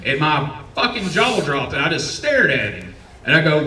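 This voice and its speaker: A man's voice: on the high side, very animated, moderate pace, bright, forceful tone, recorded from a distance, slight background noise. A man in his forties with a Southern US accent doing a profane, rambling, self-mocking stand-up set on a comedy club stage. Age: 40s. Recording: roomy club sound from off-mic.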